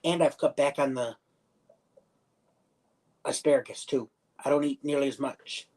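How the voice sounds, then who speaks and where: A man's voice: mid-range voice, steady tone, measured pace, a little mellow, low-quality recording. Man telling a rambling personal story. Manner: rambling, circles back and restarts sentences; acts out other people's lines in the story. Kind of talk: casual storytelling on a livestream.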